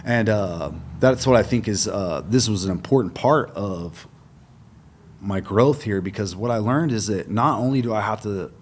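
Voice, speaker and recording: A man's voice: fairly low pitch, normal speed, slight background noise. A middle-aged man telling his story as a guest in a casual interview, acting out the dialogue and swearing freely. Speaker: podcast guest.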